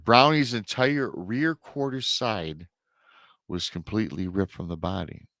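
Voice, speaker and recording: Deep-voiced man retelling a listener's story. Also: measured pace, fairly bright tone, dry recording, studio quality. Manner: dramatic retelling with emotional asides, swells and drops in volume. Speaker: host reading listener accounts. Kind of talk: storytelling podcast narration.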